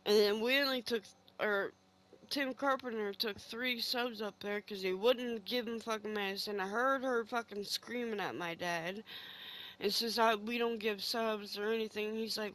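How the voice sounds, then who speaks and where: A woman's voice: medium pitch, steady tone, unhurried, fairly bright tone, low-quality recording. A middle-aged woman streaming a game from her home game room, telling a long story in a heated, profane, rambling way. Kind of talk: casual storytelling chat while gaming.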